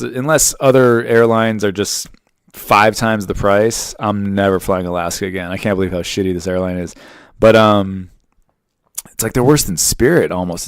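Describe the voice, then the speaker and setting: A man's voice: lowish voice, clean tone, no room sound, studio quality. A man in his thirties hosting a podcast, telling a story in a rambling, jokey, profane monologue. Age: 30s. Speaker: podcast host. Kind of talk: casual monologue.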